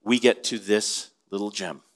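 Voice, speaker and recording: A man's voice: fairly low pitch, steady tone, measured pace. A man preaching an expository sermon in a conversational way, asking his listeners questions as he teaches. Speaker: pastor.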